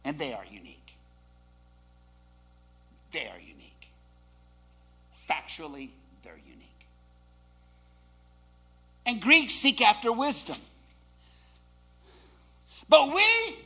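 A man preaching a sermon in a high, bright voice. He moves slowly through his points, sinking into quiet, hushed asides and then climbing into shouted declarations. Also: wildly swooping pitch, slight background noise.

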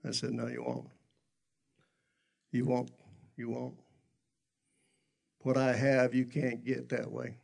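A man's voice: medium pitch, completely flat delivery, slow pace, gravelly, pauses often, darkish tone. A middle-aged man, a pastor, telling stories in a folksy, self-deprecating way in a sermon. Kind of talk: sermon storytelling.

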